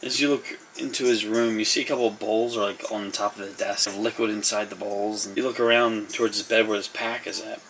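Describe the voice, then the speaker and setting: Gravelly-voiced game master narrating. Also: male voice, on the low side, steady tone, fairly quick, hardly any pauses, fairly bright tone, far from the mic, a little hiss or hum, poor audio. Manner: loose, rambling narration with fillers.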